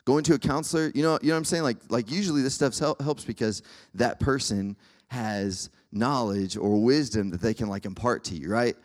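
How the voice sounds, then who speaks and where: A man's voice: mid-range voice, a little fast, a little mellow. A young man preaching a casual sermon to students, keeps checking in with his listeners. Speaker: campus ministry speaker.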